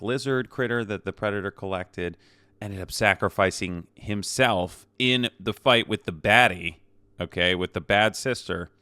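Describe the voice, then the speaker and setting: A man recaps a film in a relaxed, meandering review, doubling back on his words and checking in with the listener as he goes. His voice sits a little low but comes across bright and forceful, with a clean, crisp tone. The sound is very dry, with no room echo. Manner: rambling, chatty, many fillers and restarts, tags lines with "okay?". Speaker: movie reviewer. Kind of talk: casual spoiler-filled movie review.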